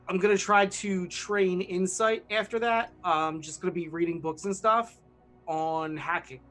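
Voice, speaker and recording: A man's voice: sits high, unhurried, a bit bright, soft background music. A man playing a character in a tabletop game, rambling with lots of fillers and laughing often. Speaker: player.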